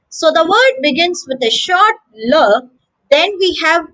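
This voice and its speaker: Woman, high voice, lively pitch, slow careful pronunciation lesson, repeats words. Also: low-quality recording. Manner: repeats each word slowly, stressing syllables. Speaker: English pronunciation teacher.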